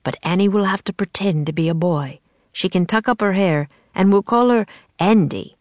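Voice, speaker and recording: A woman's voice: medium pitch, normal speed, darkish tone, no echo, pitched above the performer's own voice, close to an everyday voice. A woman voicing a kindly, old-fashioned man playwright in a storybook reading, with courtly, archaic phrasing.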